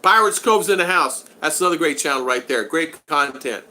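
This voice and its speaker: A man's voice: on the high side, expressive, fairly quick, sharp tone. A man in his sixties hosting a casual live stream at home, chatting loosely, reading out viewer comments and teasing regulars in a friendly way. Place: at home in the Philippines.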